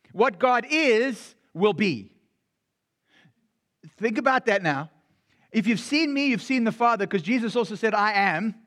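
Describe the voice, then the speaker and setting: Man, high voice, earnest sermon, repeats his phrases. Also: fairly bright tone. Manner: earnest, repeats phrases, often asks if he's making sense. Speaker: preacher.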